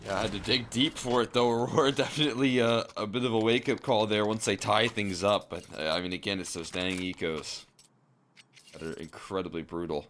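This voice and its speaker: A man giving live color commentary on an esports match, analytical and relaxed. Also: lowish voice, a little fast, a little hiss or hum.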